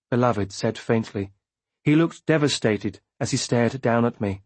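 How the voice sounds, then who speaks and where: A man reading an audiobook in measured, first-person narration. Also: mid-range voice, husky, no room sound. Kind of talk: scripted narration.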